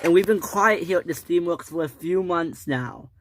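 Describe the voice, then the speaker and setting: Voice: mid-range voice, moderate pace, a little hiss or hum, lightly acted. A narrator doing an obliging workshop helper. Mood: plain.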